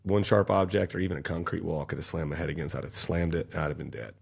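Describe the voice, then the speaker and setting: A man's voice: extremely low pitch, quick pace, vocal fry, slightly rough. A man, telling an intense, emotional personal story as a podcast guest. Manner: intense, emotional storytelling, raising his voice at peaks.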